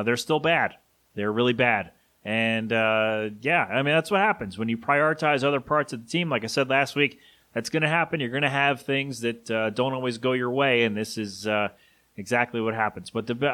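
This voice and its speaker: A man's voice: medium pitch, fairly bright tone. Chatty opinionated male podcast host. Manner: chatty, opinionated, many fillers and asides. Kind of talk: casual sports rambling.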